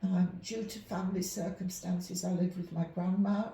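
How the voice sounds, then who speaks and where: A woman from Leeds with a softened Yorkshire English accent, telling stories as a guest and animatedly acting out the voices in them. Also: lowish voice, steady tone, moderate pace. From Leeds, Yorkshire, England. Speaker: clairvoyant and medium, guest. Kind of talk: conversational storytelling. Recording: roomy echo.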